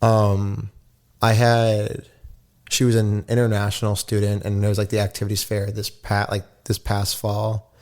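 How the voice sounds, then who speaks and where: A man's voice: fairly low pitch, completely flat delivery, moderate pace, darkish tone. A young man, a podcast guest, chatting casually and telling rambling stories full of fillers. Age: young adult. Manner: rambling, filler-heavy storytelling. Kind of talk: casual chat.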